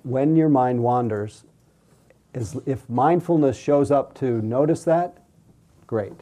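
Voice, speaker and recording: A man teaching mindfulness to a class and answering questions in a gentle, unhurried, soothing way. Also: medium pitch. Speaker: meditation teacher.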